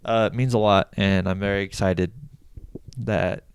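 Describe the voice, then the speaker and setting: A man's voice: steady tone, measured pace, clean tone. A young man co-hosting a casual podcast, rambling and laughing often as he tells stories. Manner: rambling, laughs often, acts out his own quotes in a high voice. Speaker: podcast co-host. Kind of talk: casual chat.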